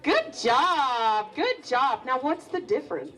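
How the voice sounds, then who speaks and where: A woman's voice: high voice, sing-song, slow pace, music in the background, poor audio. Bubbly woman emceeing a contest. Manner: bubbly, joking, chatty with contestants. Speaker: event emcee. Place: busy restaurant event. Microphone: handheld mic.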